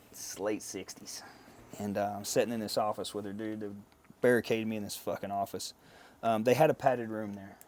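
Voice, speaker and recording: A man's voice: medium pitch, darkish tone. A man in his thirties, a podcast guest telling a personal story in a blunt, profane, casual way, laughing along. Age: 30s.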